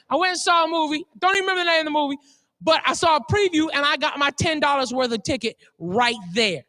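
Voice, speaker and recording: A male stand-up comedian telling a story, excitable and profane, often laughing at his own jokes. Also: extremely high pitch, fast talker.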